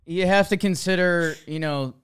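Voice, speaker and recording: Man with a very clear co-host voice. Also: sits high, normal speed, no echo, studio quality. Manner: jokey, upbeat ad reading. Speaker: podcast co-host. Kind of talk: casual sports chat and host-read ad.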